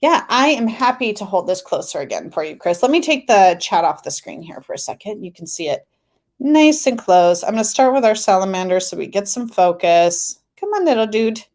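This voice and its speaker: A woman's voice: medium pitch, big pitch swings, normal speed, darkish tone. A woman hosting a tarot live stream, chatting casually, reading viewer comments aloud and laughing often.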